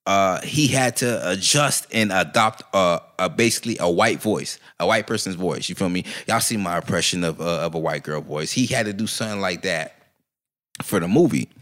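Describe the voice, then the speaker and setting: A man's voice: low-pitched, moderate pace, fairly bright tone. A young man, co-hosting a casual chat, laid-back and laughing often. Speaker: podcast co-host.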